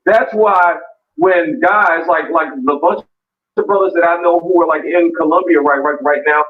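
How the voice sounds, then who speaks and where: A man's voice: a little high, steady tone, moderate pace. A man in a heated online debate, blunt and profane, often stammering into restarts. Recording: echoey, distant, dull lo-fi audio.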